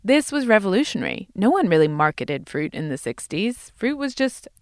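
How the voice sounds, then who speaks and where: A woman co-hosting a podcast who narrates from a script in an even, explanatory way. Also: medium pitch, moderate pace, no room sound, studio quality. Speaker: podcast co-host.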